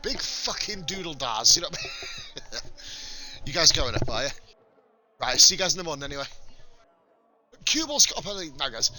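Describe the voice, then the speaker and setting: A man gives casual, foul-mouthed commentary on a sim racing league race. His voice sits high and leaps all over the place as he rants at drivers. Game music runs loudly underneath. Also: huge pitch swings, moderate pace, pauses often. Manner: sweary, blunt, ranting.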